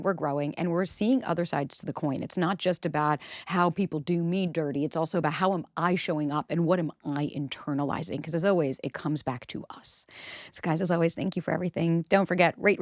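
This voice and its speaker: A woman's voice: lowish voice, dry recording, studio quality. A woman in her thirties hosting her own podcast, talking candidly and casually to listeners, swearing freely and acting out her own inner voice. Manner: candid, swears freely, animated self-talk. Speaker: podcast host. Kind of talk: casual solo podcast monologue.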